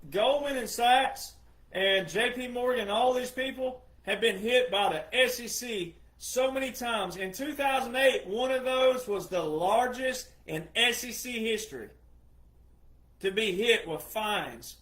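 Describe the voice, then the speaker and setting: A man hosting his own show, giving an opinionated, scornful monologue that swings from low mutters to loud outbursts. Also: a little slow. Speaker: political commentator host. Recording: echoey room.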